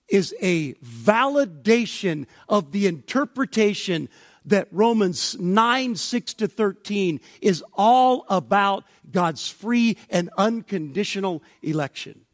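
A male pastor preaching a sermon, building to emphatic near-shouts when he voices objections. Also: high-pitched, no room sound, clean studio sound.

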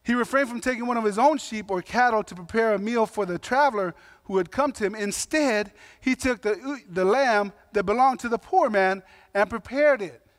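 A man's voice: high voice, normal speed, few pauses, dry recording, studio quality. A man preaching a sermon in a conversational, emphatic way, with slangy asides and voiced quotes. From Samoan heritage. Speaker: pastor.

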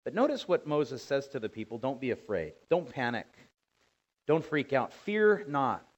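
A middle-aged man preaching a sermon, dramatically acting out quoted voices and building to loud commands. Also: medium pitch, very animated, moderate pace, dull audio. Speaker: pastor.

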